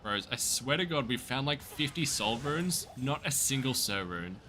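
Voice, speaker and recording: A man with a mild Australian accent talks casually to his viewers during a gaming livestream. His voice is bright and forward, upbeat and jokey. A faint hiss of noise sits under the recording. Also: mid-range voice, lively intonation, normal speed. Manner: upbeat, jokey, chatting to viewers while playing. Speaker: streamer.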